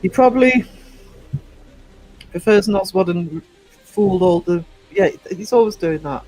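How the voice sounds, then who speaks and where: A man's voice: sits high, very animated, measured pace, vocal fry, darkish tone, soft background music, poor audio. A man with a Northeast English accent, hosting a casual livestream and chatting to viewers in a rambling, teasing way. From England. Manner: chatty and rambling, teasing the chat with frequent fillers. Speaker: livestream host. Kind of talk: casual livestream chat answering viewer comments.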